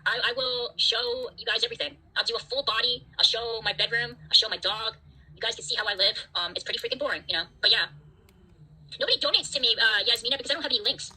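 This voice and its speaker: A woman's voice: on the high side, fast talker, sharp tone, husky, rough recording. A woman hosting a livestream, ranting at her chat in an angry, profane, defiant way. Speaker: livestream host.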